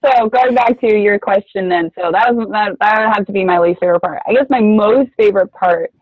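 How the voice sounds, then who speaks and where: A young adult woman, a former homeschooler, chatting casually as an interview guest with quick asides. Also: mid-range voice, no echo. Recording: tinny phone-like line.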